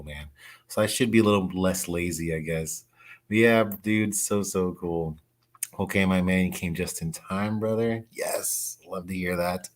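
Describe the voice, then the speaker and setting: A man chatting casually on a livestream as a comic collector, excitable, slangy and laughing often. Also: deep voice.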